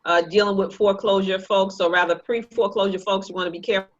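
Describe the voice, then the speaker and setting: A woman teaching a real estate investing class, talking in a lively, joking, sales-pitch way. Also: quick pace, lo-fi sound. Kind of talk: live online class presentation.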